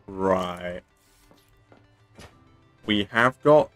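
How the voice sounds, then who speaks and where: A man's voice: fairly low pitch, animated, moderate pace, pauses often, dry recording, soft background music. A man from England casually chatting through a game stream, playful and chatty, throwing in silly sound effects. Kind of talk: casual gameplay commentary.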